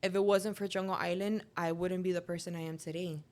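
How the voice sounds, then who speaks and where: A woman's voice: on the low side, a little fast. A young woman, telling stories as a guest in a casual interview and acting out the voices of people she quotes. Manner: animated storyteller, acts out quoted dialogue. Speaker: guest, professional alligator wrestler. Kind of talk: casual storytelling in a podcast interview.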